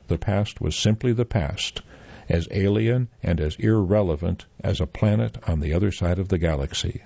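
Low husky guy reading a story, dark mellow tone, dry dull sound. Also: dry recording. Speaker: story narrator. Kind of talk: scripted narration. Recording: dull, muffled dry recording.

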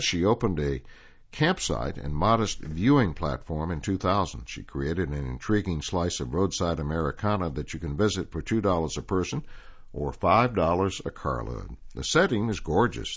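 A man reading articles aloud and then telling a story as host of a reading service program, in a calm, measured way. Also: deep voice, slightly rough, dull audio. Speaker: volunteer radio reader and host.

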